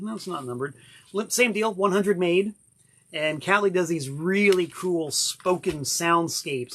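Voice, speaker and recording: A man's voice: fairly high pitch, fairly bright tone, slightly rough. A man from Florida hosting a casual unboxing vlog from his cabin in the woods, talking in a chatty, enthusiastic way with rambling asides. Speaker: vlog host.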